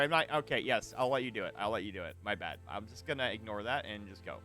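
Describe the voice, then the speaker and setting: A man streaming a survival game, giving animated, swear-laden commentary and chatting with his viewers. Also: on the low side, fast talker, faint music behind. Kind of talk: live gameplay commentary.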